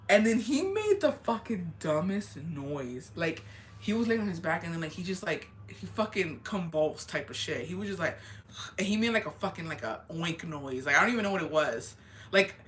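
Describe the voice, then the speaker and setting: Her voice sits in the mid-range, with a slight hiss or hum in the background. The young woman is an advice vlogger who reads viewer confessions and responds in relaxed, profane chatter, switching into Spanish now and then.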